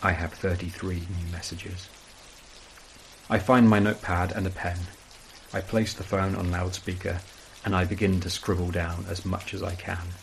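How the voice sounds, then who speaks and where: A man reading a first-person horror story as scripted narration, in a measured, brooding way. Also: low voice, level tone, gravelly, a little hiss or hum, low-quality recording.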